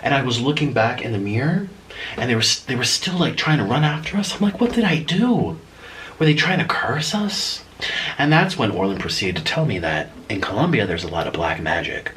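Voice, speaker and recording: A man's voice: mid-range voice, big pitch swings, quick pace, fairly bright tone, a little hiss or hum, low-quality recording. A man telling a story in a casual vlog while eating noodles at home at night. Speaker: vlogger.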